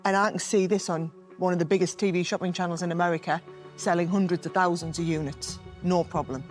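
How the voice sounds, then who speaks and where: A woman's voice: lowish voice, steady tone, fast talker. A woman, an investor speaking in an enthusiastic and direct way. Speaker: investor on a panel. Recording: music underneath.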